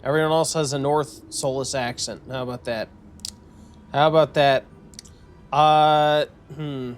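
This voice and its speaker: A man's voice: a little high, steady tone, a little slow, long pauses, smooth. A man streaming a video game, commenting casually and thinking aloud with lots of restarts and fillers.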